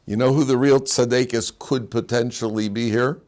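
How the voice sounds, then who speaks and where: Here a rabbi's mid-range voice moves at an ordinary pace as he teaches the week's Torah portion. Between chuckles, he tells warm, everyday stories and slips Hebrew words into his English, turning the lecture into lively, funny storytelling.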